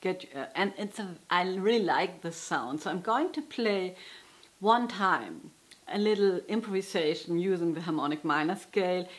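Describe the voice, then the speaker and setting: A woman's voice: on the low side, normal speed. A woman giving a casual guitar lesson, chatty and often breaking off to correct herself. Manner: chatty, self-interrupting, laughs at herself. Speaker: guitar teacher. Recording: loud guitar playing behind. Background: guitar playing.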